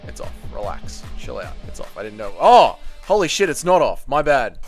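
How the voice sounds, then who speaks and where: A man's voice: mid-range voice, sing-song, normal speed. An Australian man hosting a casual livestream, chatty and swearing, greeting viewers by name. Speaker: livestream host. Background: faint music playing.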